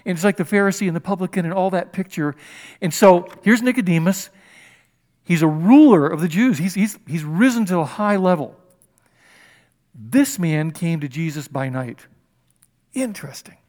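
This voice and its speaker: A man delivers a Bible sermon in a loose, conversational way, full of humorous asides. His voice sits a little high for a man. He keeps the talk animated and chatty. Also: in a large hall. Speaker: preacher.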